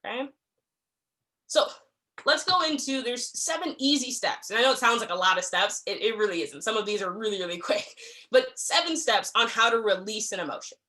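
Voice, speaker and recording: Young woman running a staff training, bright voice a bit on the high side, chatty, keeps asking okay?. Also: lively intonation, fairly quick. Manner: conversational, frequent "okay?" check-ins; acts out quoted exchanges. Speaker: workplace trainer.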